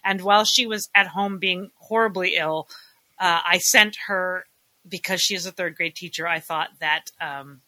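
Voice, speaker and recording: A woman co-hosting a podcast in casual chat, enthusiastic and quick to laugh. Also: lowish voice, pushed and bright. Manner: chatty, enthusiastic, laughs often. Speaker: podcast co-host.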